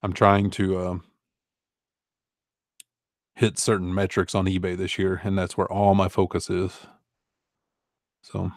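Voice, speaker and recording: A man's voice: low voice, completely flat delivery, a little slow, long pauses, dry recording, clean studio sound. A man in his forties, an online reseller, chatting casually and rambling through viewer questions with easygoing fillers and chuckles. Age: 40s. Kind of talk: casual live Q&A chat.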